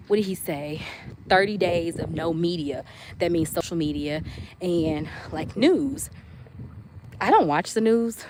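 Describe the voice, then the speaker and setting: Woman, slightly low voice, live-stream host telling her faith stories with lots of expression, faint background hiss. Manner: expressive storytelling, talks to viewers by name; faith-centered, testimony-like reflection. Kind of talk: casual live-stream chat while folding laundry.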